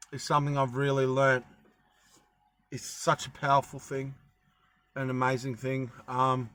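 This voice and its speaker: Bright-voiced guy rambling casually. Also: medium pitch, no echo. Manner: rambling, many ums and self-corrections. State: coughing. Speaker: travel vlogger. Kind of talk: casual chat to camera.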